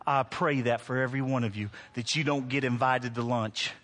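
A man's voice: mid-range voice, fairly even intonation, a little fast, a bit bright. A middle-aged male pastor preaching to a congregation, mixing humorous stories with emphatic preaching. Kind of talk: sermon. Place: church before a congregation.

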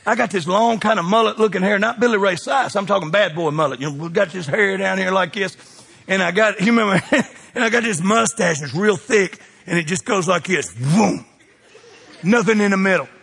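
A preacher in his fifties delivers a folksy, emphatic sermon in a husky, high voice. He swings from hushed asides to ringing declarations. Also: a little fast. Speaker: pastor.

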